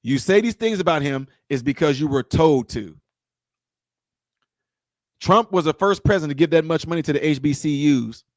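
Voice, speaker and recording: Heated, high-voiced man ranting to camera. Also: expressive, moderate pace, pauses often, no echo, studio quality. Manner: confrontational, repetitive, rhetorical questions. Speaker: political commentator. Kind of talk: heated political rant to camera.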